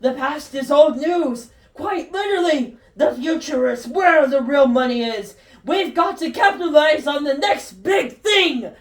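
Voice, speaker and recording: A woman voicing an excitable, eccentric old male scientist, loud and shouting, in a roomy recording from a distance. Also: sits high, unhurried, hardly any pauses, voice pushed up. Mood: excited. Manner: loud, giddy, shouting exclamations. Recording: roomy echo, distant from mic.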